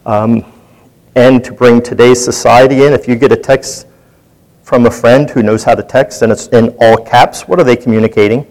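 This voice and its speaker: A man's voice: mid-range voice, fairly even intonation, normal speed, a little mellow, poor audio. A man leading a Bible study, teaching in a conversational way and putting questions to his group.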